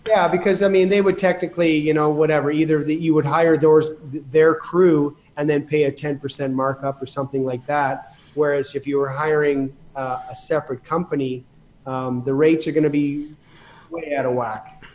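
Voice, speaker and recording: A man's voice: on the high side, steady tone, moderate pace, darkish tone, dull audio, slight background noise. A man from Canada, a real estate investor and podcast guest, telling stories in a rambling, emphatic way with many restarts. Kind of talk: casual storytelling in conversation.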